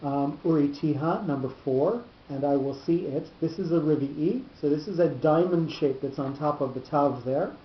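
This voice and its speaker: A teacher works through cantillation notes in a halting, repetitive way, restarting phrases as he explains. The recording is roomy and dull, with a faint rumble behind the voice. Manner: halting, repeats words while explaining. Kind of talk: lecture on cantillation.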